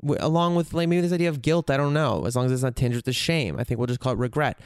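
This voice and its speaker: Guy musing out loud, swears a lot, smooth voice, mid pitch, dead dry room. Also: fast talker, no room sound. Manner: candid, profane, searching for words. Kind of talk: reflective casual monologue.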